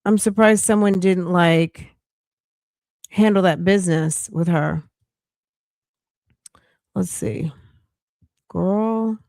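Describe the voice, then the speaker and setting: A woman's voice: lowish voice, takes it slowly, vocal fry, pauses often, a little mellow, dry recording. A middle-aged woman hosting a casual livestream, reading news aloud, reacting bluntly and greeting viewers by name with pet names. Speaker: livestream host.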